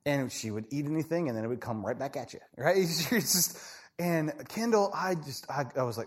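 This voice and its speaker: A man preaching a sermon in a conversational, animated way, often asking "right?" and acting out voices. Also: a little high, brisk, breathy edge. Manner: acts out people in quoted voices. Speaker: pastor.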